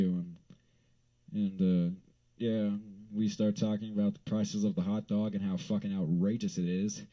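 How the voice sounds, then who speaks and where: Man from Wyoming, casual vlog storyteller, rambling and profane, very mellow low voice, dull lo-fi recording. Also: flat delivery, moderate pace. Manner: profane, rambling, bursts into loud exasperated rants.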